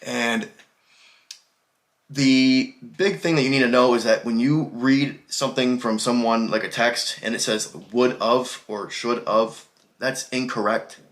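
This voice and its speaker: An American man giving a casual English lesson, explaining everyday spoken contractions in a relaxed, conversational way. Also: medium pitch, moderate pace. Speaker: English teacher.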